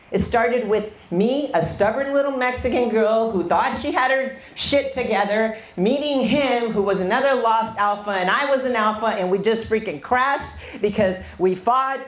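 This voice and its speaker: A woman business coach giving a blunt, fiery motivational talk to a live audience, swearing freely. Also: medium pitch. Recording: echoey room sound.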